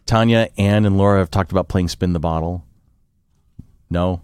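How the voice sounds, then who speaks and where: A man's voice: deep voice, moderate pace, darkish tone, clear, resonant tone. A man hosting a casual podcast, running through upcoming events in a cheerful announcer manner. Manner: upbeat announcer-style event rundown. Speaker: podcast host.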